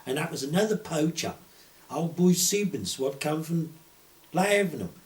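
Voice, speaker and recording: A man's voice: a little high, lively intonation, moderate pace. An older man with a broad Suffolk accent, telling rambling poaching tales in earthy, rural dialect with casual swearing. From Suffolk, England. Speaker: storyteller. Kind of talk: rambling anecdotal storytelling.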